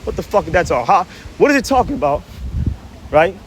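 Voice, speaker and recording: A man's voice: sits high, big pitch swings, fast, background noise. Breathless, profane man preaching scripture outdoors. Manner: reads scripture aloud then explains it in blunt, profane slang; keeps tagging lines with "man" and "right?". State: short of breath. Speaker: religious commentator. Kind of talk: preachy street-corner scripture commentary.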